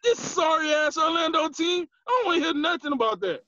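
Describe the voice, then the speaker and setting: A high-voiced man in casual sports talk, playfully trash-talking teams with lots of swing in his pitch. The sound is dry and a bit dull, with no room around it. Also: lively intonation, brisk, sharp tone, no room sound. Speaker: podcast co-host.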